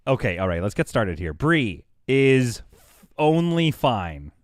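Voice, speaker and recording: Animated man streaming a game. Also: medium pitch, takes it slowly, pauses often, no echo, clean studio sound. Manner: chatty, talks to chat; animated, laughs often. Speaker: livestreamer playing a game. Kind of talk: casual live game commentary.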